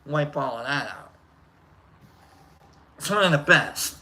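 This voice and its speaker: Guy chatting on his stream, rambles and corrects himself, sharp bright tone. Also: a little high, animated, slow pace. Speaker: livestream host. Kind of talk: casual livestream chat.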